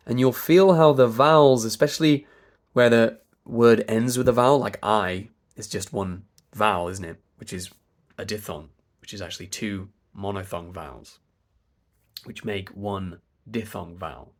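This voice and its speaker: A man with a British RP accent and a stuffy nose, coaching pronunciation by stretching vowel sounds very slowly. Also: on the low side. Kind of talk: slow demonstration of vowel sounds.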